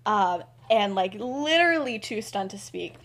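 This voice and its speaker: A woman's voice: mid-range voice, lively intonation, a little slow, a bit bright. A young woman podcast host casually retelling a story, chatty and giggly, with lots of fillers.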